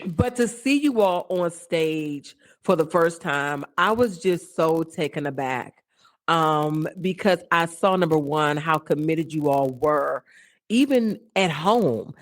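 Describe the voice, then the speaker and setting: A woman's voice: low voice, animated, slow pace. A woman hosting a podcast interview in casual chat, effusive and emotional, rambling as she talks. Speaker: podcast host.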